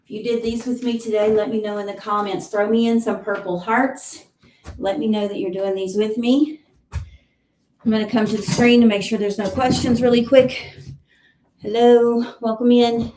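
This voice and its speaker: A woman with a Southern US accent leading a live exercise class, counting reps and giving steady cues, heard from a distance in an echoey room. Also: on the high side, normal speed, a little hiss or hum. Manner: counts reps aloud, encouraging cues, clears throat often. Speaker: fitness instructor. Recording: roomy echo, voice from far off.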